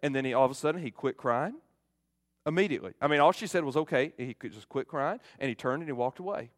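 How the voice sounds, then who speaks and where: A middle-aged male pastor giving a fervent sermon, swinging from loud emphasis to hushed appeals. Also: medium pitch, fast, dry recording, studio quality.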